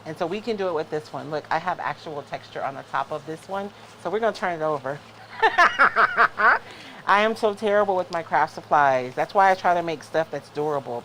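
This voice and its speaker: A man's voice: fairly high pitch, slight background noise, rough recording. A man demonstrating crafts on a livestream, thinking aloud in a scattered, self-deprecating way. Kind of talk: casual craft demo chat.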